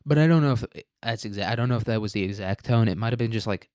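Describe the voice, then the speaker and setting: A man's voice: on the low side, racing, a little mellow, clear, resonant tone, no room sound, studio quality. A young man hosting a casual, crude comedy recap of a story at home, joking a lot, laughing and saying "dude.". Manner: crude joking, says 'dude' a lot, laughs at own jokes. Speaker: host.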